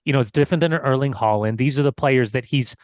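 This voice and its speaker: A man's voice: medium pitch, fast, a little mellow, no room sound. Man, podcast co-host, teasing, analytical, dry sound. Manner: teasing, analytical, repeats phrases. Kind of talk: casual football chat.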